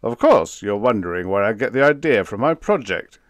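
A man's voice: on the low side, sing-song, moderate pace, dry recording. A man voicing a pompous, blustering army general who is boastful and bossy.

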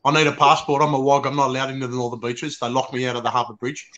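A man's voice: medium pitch, little pitch movement, rapid-fire, a bit bright, highs cut off. An Australian man guesting on a live show, bantering cheekily and saying "mate" a lot. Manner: cheeky, banter-heavy, says mate often. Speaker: guest, fellow show host. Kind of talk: casual live-stream chat.

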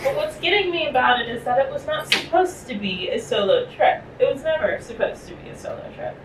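A woman's voice: high-pitched, a little fast, noisy background. A young woman vlogging casually as she shows off her hotel room, chatty and playful. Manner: chatty and animated, playful asides. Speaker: travel vlogger. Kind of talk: casual vlog chat.

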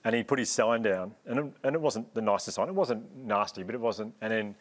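A man's voice: fairly low pitch, fairly quick. An Australian man on a televised panel, telling a story earnestly and rambling with restarts. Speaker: panel guest.

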